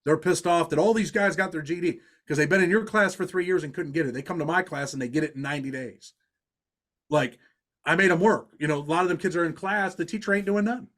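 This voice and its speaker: Speaking fast in a highish, fairly bright voice, a middle-aged New Yorker tells long stories as a guest in a podcast interview. His delivery is earnest and street-talking, with frequent restarts and plenty of "you know."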